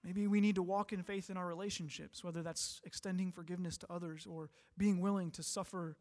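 A man preaching a sermon in a high, earnest voice. He swells to emphatic peaks and then drops soft and quiet. His words ring out with a long reverb through a church sanctuary. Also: fairly even intonation, fairly quick. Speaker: pastor.

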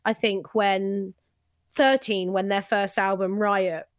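A woman's voice: mid-range voice, level tone, takes it slowly, no echo. A woman in her late twenties co-hosting a podcast, chatting in a giggly way and acting out voices in her stories. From London. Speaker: podcast co-host. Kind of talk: casual podcast chat. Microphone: remote recording, close mic.

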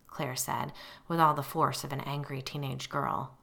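A middle-aged woman reading her own memoir as an audiobook, telling it with lively expression. Her voice is low and gravelly with a bright, forceful tone. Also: normal speed. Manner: expressive storytelling, acting out her own quoted lines. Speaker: audiobook narrator. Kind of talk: first-person memoir narration.

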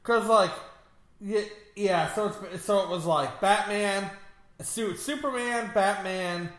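A man with a notably high, bright voice co-hosts a casual movie review podcast. He rambles and jokes freely, laughing often. The room around him rings with echo. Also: takes it slowly. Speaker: podcast co-host.

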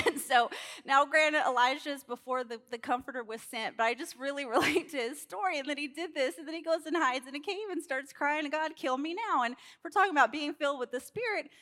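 Lady preaching, high voice, super animated, acts out the characters. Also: brisk. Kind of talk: sermon.

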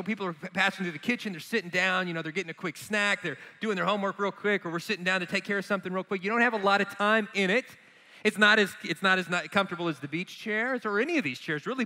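A man speaking as a guest on a church stage, telling stories in a relaxed, joking way about marriage. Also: sits high, fast. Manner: storytelling with acted quotes and laughs. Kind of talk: casual stage talk to a church audience. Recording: echoey church hall.

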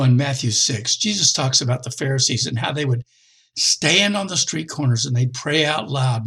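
A middle-aged man preaching a conversational sermon, with expressive jumps in pitch. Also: creaky, slightly rough.

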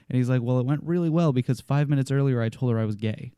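Guy telling piercing shop stories, swears a lot, mellow dark voice, dry close sound. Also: medium pitch, very fast, clear, resonant tone, no room sound. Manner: storytelling, swears, acts out quotes. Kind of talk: casual podcast chat.

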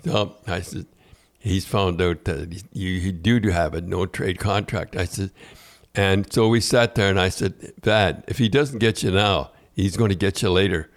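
An older man hosts a casual chat, his voice sitting somewhat low. He tells long anecdotes that wander, stall and start over again and again. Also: measured pace. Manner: rambling anecdotes with many restarts. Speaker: podcast host.

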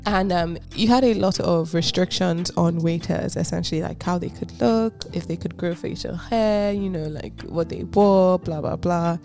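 Low-voiced woman podcast co-host. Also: moderate pace, vocal fry, hardly any pauses, darkish tone, soft background music. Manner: laughing, teasing, reads notes aloud. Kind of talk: casual chat.

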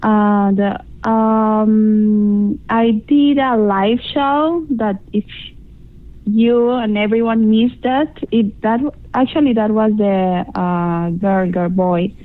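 A woman's voice: medium pitch, takes it slowly. Hesitant woman on a tinny line. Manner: hesitant, many fillers and restarts. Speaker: interview guest, adult film performer. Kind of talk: casual interview chat.

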